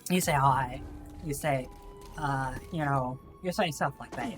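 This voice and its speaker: A woman's voice: extremely low pitch, a little slow, soft background music. A woman streamer putting on a Texas accent, rambling and swearing in a drawl through gaming livestream commentary. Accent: put-on Texas.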